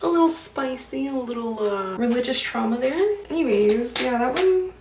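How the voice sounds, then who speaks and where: Chatty and slangy, a young woman vlogger says "like" constantly as she talks about her dreams while putting on makeup indoors at home. Her high voice is expressive at a normal speed, captured from a distance in an echoey room with a noisy background.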